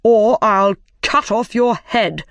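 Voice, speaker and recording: A woman's voice: on the high side, slow, a bit bright, no room sound. A woman voicing a stern, threatening king. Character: bossy, threatening king, adult man.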